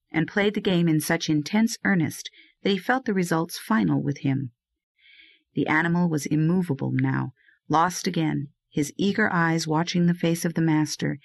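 A woman narrating an audiobook of a classic novel in a measured, steady way, close to the mic. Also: low-pitched, no echo.

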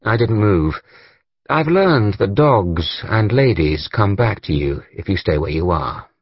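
A man narrating an audiobook in the first person, with a husky voice and an expressive delivery. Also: lowish voice, a little slow, dry recording, muffled recording.

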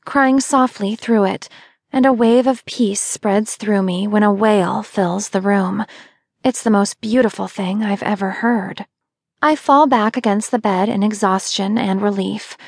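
A woman reading a first-person audiobook narration in a steady, intimate way. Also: medium pitch, measured pace, gravelly, no room sound, clean studio sound.

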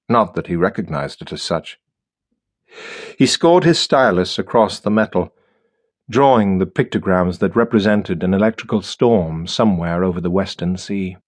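Deep-voiced male audiobook narrator. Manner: measured, steady storytelling. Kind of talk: scripted narration.

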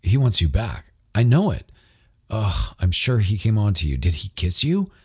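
A male audiobook narrator voicing an affectionate young man who grows anxious and jealous, close to his own husky voice. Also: lowish voice, very animated, normal speed, a little mellow, heavily acted. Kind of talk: audiobook character voice.

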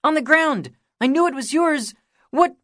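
Storybook kid, small excitable boy, way up high and breathless, pleading and shouting, put on by a female narrator. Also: a little slow, no room sound, studio quality. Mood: excited. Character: eager excitable young boy.

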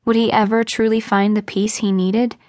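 A woman's voice: mid-range voice, normal speed, no room sound. Woman narrating an audiobook in a dry studio. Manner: expressive storytelling, voicing each character. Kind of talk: scripted narration.

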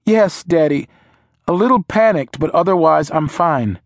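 A woman's voice: low-pitched, expressive, a little slow, no room sound. A man voicing an adult businesswoman talking to her father on the phone, strained and holding back tears after bad news, in an audiobook. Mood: tense, tearful. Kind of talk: audiobook character voice.

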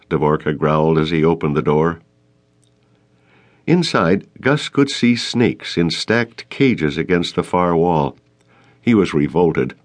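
A man narrating a short fiction audiobook in a measured storytelling manner. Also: a bass voice, expressive. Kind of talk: scripted narration.

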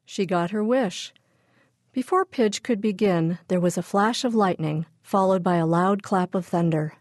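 A woman narrating a children's audiobook in a clear, even storytelling manner. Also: medium pitch, measured pace, no room sound, clean studio sound. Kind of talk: scripted narration.

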